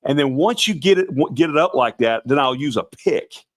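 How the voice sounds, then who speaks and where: A middle-aged man with a slightly raspy voice chats casually to viewers on a live stream. He rambles in a folksy way, restarts his sentences and keeps calling people "brother" and "guys". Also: a little high, lively intonation, normal speed. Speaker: host of a Santa performer show.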